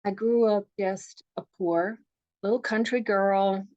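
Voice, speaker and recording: A woman with a Southern US accent hosts a healing workshop in a calm, guiding voice. She tells her own story earnestly and personally. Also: mid-range voice, takes it slowly, lo-fi sound. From rural Virginia. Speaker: divorce coach. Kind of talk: guided meditation and workshop talk.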